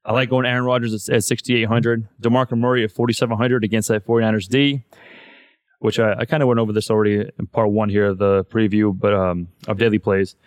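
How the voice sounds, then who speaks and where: A man's voice: lowish voice, flat delivery, fast talker, dry recording, studio quality. A man hosting a podcast in casual chat, loose and profane, saying "man" all the time. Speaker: podcast host.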